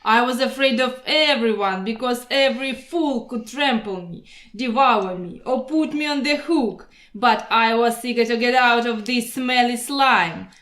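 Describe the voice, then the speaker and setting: A woman voicing a boastful, proud male mosquito who pitches himself like a salesman, grandiose and persuasive. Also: a bit bright. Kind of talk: storybook voice acting. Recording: roomy echo.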